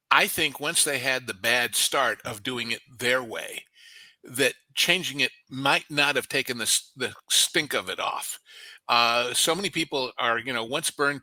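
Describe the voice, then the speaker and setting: Bright, tense-voiced man on a panel. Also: medium pitch, dry recording, low-quality recording. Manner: reminiscing, wry, with fillers. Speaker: panel guest. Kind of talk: casual panel chat.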